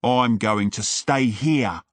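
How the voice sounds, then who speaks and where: A man's voice: medium pitch, slow, no room sound, lightly acted. A man voicing a bold male weasel adventurer with a brave, declaiming manner in an audiobook story. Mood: determined.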